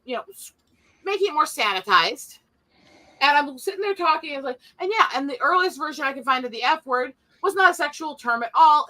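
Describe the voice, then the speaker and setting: Bright, laughing woman telling stories. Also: high-pitched. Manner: storytelling, laughs often, swears freely. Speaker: podcast co-host. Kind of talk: casual chat on a livestream.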